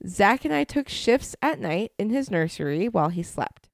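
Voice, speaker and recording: Podcast co-host, woman, mid pitch, lively, dry sound, tells stories casually. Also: moderate pace, vocal fry, no echo. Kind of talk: storytelling in casual chat.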